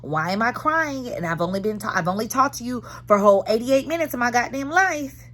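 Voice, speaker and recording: A woman in her thirties, chatting in a casual vlog from her car. She tells her story candidly and dramatically, heavy on slang. Her voice sits a little high and swoops up and down a lot. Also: animated, a little fast, fairly bright tone. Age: 30s. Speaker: vlogger. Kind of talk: casual chat.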